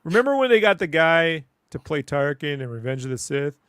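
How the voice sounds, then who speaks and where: A man's voice: on the high side, sing-song, fairly quick, fairly bright tone, clear, resonant tone, no room sound, studio quality. A man in casual podcast chat, loose and profane, calling his co-host dude. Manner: casual, swearing, addresses listener as dude.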